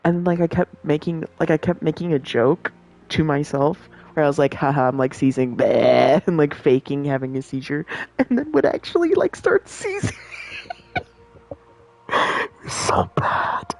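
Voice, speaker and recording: A woman's voice: sits low, sing-song, moderate pace, vocal fry, warm tone, rough recording. A young woman rambling in casual chat, laughing often and swearing freely.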